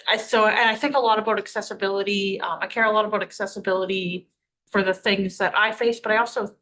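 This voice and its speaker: A woman introduces herself at a committee meeting. She speaks thoughtfully and haltingly, with frequent pauses and fillers. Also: mid-range voice, fairly even intonation, fairly bright tone, poor audio. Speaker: committee member.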